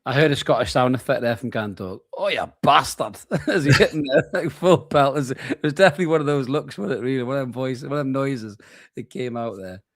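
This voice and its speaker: A man's voice: medium pitch, quick pace, dry recording, clean studio sound. A tired man co-hosting a late-night football watchalong, joking and swearing casually. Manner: laid-back, swearing, joking banter. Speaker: co-host of a football watchalong stream. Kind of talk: casual live match chat.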